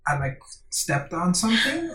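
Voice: medium pitch, big pitch swings, moderate pace, sharp tone, far from the mic. Casual podcast co-host, young adult, a loose storyteller who laughs a lot, recorded in a roomy space away from the mic. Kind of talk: casual chat. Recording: roomy, off-mic, crowd noise behind.

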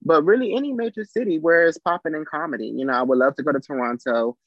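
A man from Trinidad and Tobago, a comedian chatting casually as a guest, animated and full of "you know". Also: a little high, quick pace, dry recording, muffled recording. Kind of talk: casual interview chat.

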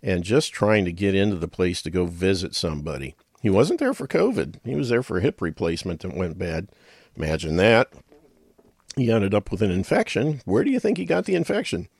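A man's voice: low voice, big pitch swings, brisk, gravelly, a little mellow, slightly rough, dry recording, studio quality. A middle-aged man hosting a radio talk show, rambling in a folksy way with chuckles and muttered asides.

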